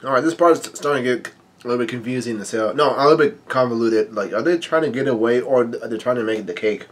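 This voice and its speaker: A man casually reading a manga aloud and commenting on it, halting often with fillers and restarts. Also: mid-range voice.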